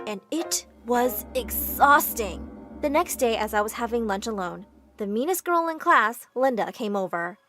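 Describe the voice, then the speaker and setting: A woman narrating an animated story in the first person, in an animated, expressive storytelling manner. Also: fairly high pitch, moderate pace, music in the background.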